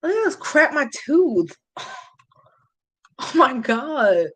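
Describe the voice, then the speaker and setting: A young woman hosting a long livestream, chatting casually and answering viewer comments with candid, animated reactions. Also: takes it slowly, poor audio. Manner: chatty and candid, swings up high when greeting viewers. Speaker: beauty vlogger hosting a livestream.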